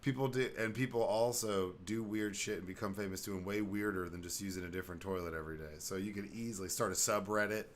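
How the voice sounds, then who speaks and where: A man's voice: on the low side, fairly even intonation, fast, few pauses, a little hiss or hum. A man hosting a casual podcast, rambling playfully and reading an article aloud with stumbles. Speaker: podcast host.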